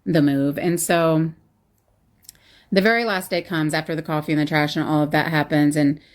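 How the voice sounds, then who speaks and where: A woman's voice: low-pitched, steady tone, moderate pace. A woman in her mid-thirties telling a bad-date story in casual chat, blunt, sassy and exasperated, with sarcastic asides. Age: 30s.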